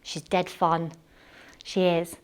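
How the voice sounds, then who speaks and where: A woman playing a chatty, cleaning-obsessed housewife in a live one-woman comedy monologue, gushing and excitable, full of rambling asides. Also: lowish voice, takes it slowly, clear, resonant tone. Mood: gushing chatter. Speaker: stage comedy performer. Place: theatre stage.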